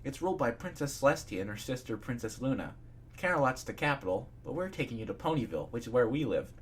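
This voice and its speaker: A man's voice: medium pitch, sing-song, fast talker, a little hiss or hum, lightly acted. A man reading fan fiction aloud, voicing a studious young female unicorn who explains things in a matter-of-fact way.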